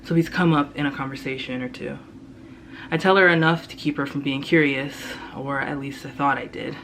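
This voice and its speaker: A young man, a student, reading his own first-person fiction aloud in a steady, low-key way. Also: moderate pace, vocal fry, slight background noise, rough recording. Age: young adult. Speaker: student reader.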